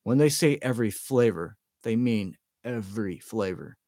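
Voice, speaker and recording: A man's voice: lowish voice, animated, normal speed, dark tone, no echo, studio quality. A man voicing a chatty young wizard boy who talks casually and grumbles.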